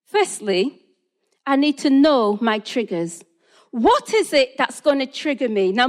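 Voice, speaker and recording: A woman from England preaching a sermon, telling a personal story and acting out both sides of phone calls. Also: high voice.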